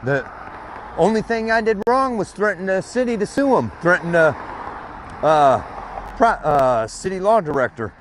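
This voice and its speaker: Vlogging on foot beside a street with passing vehicles, a man with a high-sitting, expressive voice talks at a moderate pace. He tells a long grievance story in a rambling, cursing way, and the audio carries a little hiss or hum.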